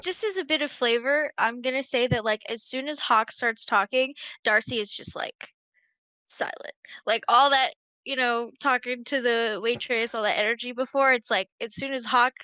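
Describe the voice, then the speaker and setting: A woman playing in a tabletop game, polite and animated. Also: on the high side, normal speed, no room sound, poor audio. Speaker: player. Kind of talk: tabletop role-play chat.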